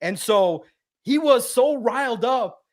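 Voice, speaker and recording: A man with a high-pitched voice tells a story on a sports podcast in a casual, energetic way. He talks like he's hanging out with friends, lively and animated. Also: takes it slowly. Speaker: podcast guest, sports publisher.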